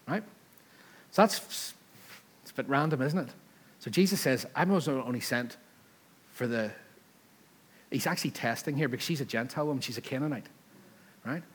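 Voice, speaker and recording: Husky man preaching a lively sermon. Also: mid-range voice, moderate pace, long pauses. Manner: conversational, acts out the people in the scripture stories; rises to loud, emphatic peaks. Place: church service.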